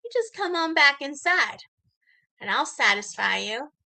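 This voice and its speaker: A woman's voice: high voice, very animated, unhurried, creaky, bright, forceful tone, exaggerated voice. A woman mimicking a smug flirty drive-thru guy. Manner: teasing, leering.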